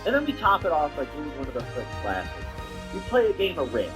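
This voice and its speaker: A young man spins a loose, profane story straight to his viewers, full of slang and asides. His voice sits a little high for a man and jumps around a lot in pitch. Faint music hums under him. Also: wildly swooping pitch, quick pace, low-quality recording. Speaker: video creator. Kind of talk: casual storytelling to camera.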